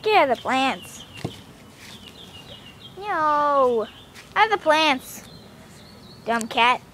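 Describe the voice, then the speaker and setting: A woman's voice: high voice, sing-song, very slow, fairly bright tone, a little hiss or hum. A young woman filming her cat outdoors, coaxing it in baby talk and laughing. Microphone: handheld camera.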